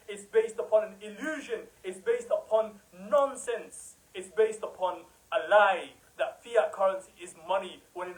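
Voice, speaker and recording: A man's voice: sits high, a little mellow, rough recording. A man giving an impassioned religious talk, emphatic and rhetorical, sometimes mocking the people he criticizes. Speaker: preacher.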